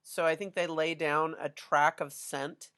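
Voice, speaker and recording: A woman's voice: low voice, flat delivery, measured pace, a bit bright. A middle-aged woman teacher, chatting through a classroom lesson with stories and many fillers. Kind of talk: casual classroom lesson with anecdotes.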